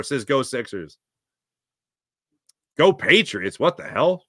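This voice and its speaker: A man hosting a sports talk stream, casually reading out viewer comments with sarcastic, animated asides. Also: mid-range voice, unhurried, no echo, clean studio sound. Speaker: sports talk show host.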